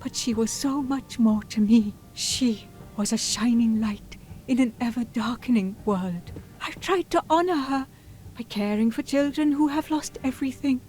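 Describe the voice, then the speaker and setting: A woman's voice: fairly high pitch, moderate pace, a little mellow, soft background music, lightly acted. A woman voicing a devoted nurse in a video game, speaking with heartfelt, pleading emotion. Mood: tender grief.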